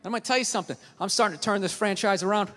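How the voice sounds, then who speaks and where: A man doing a stand-up comedy routine, ranting and swearing in loud bursts before a live audience. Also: high voice, rapid-fire. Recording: live hall reverb with audience.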